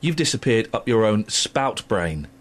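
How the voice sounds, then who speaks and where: A man hosting a radio show, joking with his co-hosts and slipping into mimicry. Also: measured pace. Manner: jokey, mimics voices, lively swings in pitch. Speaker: radio host. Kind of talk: playful studio banter. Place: radio studio.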